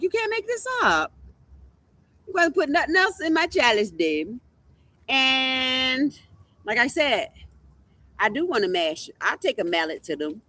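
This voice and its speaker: Brash, bright-voiced woman reading tarot. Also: high-pitched, dry recording. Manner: brash, profane, boastful, repeats herself. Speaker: tarot reader and streamer. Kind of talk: casual livestream tarot commentary.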